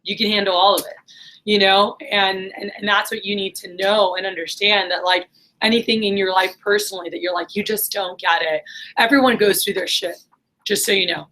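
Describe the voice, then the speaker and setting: A woman's voice: medium pitch, fairly even intonation, fairly quick, bright, forceful tone, low-quality recording. A middle-aged woman talking casually and earnestly to her viewers, rambling with many fillers and pep-talk asides. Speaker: vlogger, business manager.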